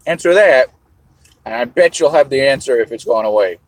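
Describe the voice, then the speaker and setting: A man's voice: mid-range voice, expressive, moderate pace, dry recording, rough recording. A man hosting a live stream, rambling to his chat while eating, swearing casually as he goes. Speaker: livestream host.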